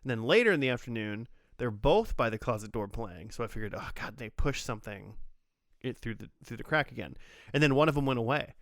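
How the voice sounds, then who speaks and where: A man's voice: medium pitch, lively intonation, fairly quick, dry recording, studio quality. A man hosting a casual podcast chat, rambling through stories with lots of fillers and restarts. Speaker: podcast host.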